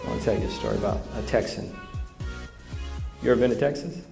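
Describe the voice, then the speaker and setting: A male host interviewing a guest in front of a studio audience, his voice rough and gravelly. He tells jokes in a folksy, animated way. Faint music sits under his voice. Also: lowish voice, quick pace. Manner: folksy joke-telling, animated. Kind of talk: live interview with storytelling. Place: studio stage before live audience.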